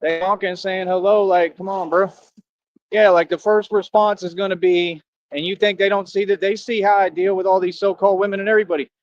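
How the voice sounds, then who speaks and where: A man with a fairly high voice talks straight to his livestream in an emphatic, slangy way, repeating points to drive them home. The sound is dry and close, with a slightly dull, lo-fi quality. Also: level tone, fast, no room sound. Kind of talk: casual livestream monologue. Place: outdoors near a road with passing traffic.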